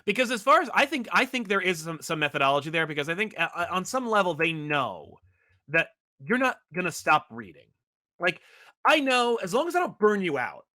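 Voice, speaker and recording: A man co-hosting a casual podcast chat, talking in long animated runs with many restarts. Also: high voice, brisk. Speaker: podcast co-host.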